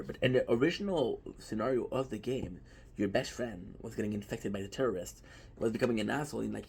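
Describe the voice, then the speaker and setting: A man's voice: mid-range voice, fairly quick, darkish tone, slight background noise. A man chatting casually and emphatically to viewers, often throwing in rhetorical questions. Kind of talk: casual anime talk to viewers.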